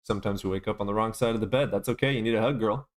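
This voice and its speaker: A man's voice: lowish voice, rapid-fire. A man hosting a live stream, chatting casually with viewers in crude, teasing banter full of swearing.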